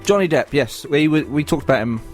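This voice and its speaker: A man co-hosts a community radio comedy show and rambles through stories from the paper. He trips over words now and then, and his pitch swings up and down freely. Faint music plays under the chat. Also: expressive, fairly quick. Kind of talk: casual radio banter.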